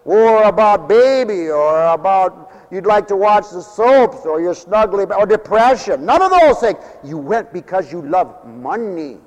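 A man's voice: high-pitched, animated, measured pace, few pauses, darkish tone, big-room sound, poor audio. A man preaching a folksy, off-the-cuff sermon, rambling and repeating himself, needling his listeners with rhetorical questions.

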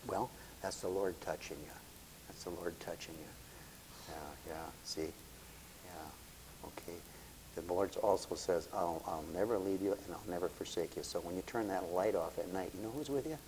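A man's voice: low voice, fairly even intonation, brisk, dark tone, slight background noise, rough recording. A man preaching a folksy sermon as pastor, calling listeners honey and sweetheart.

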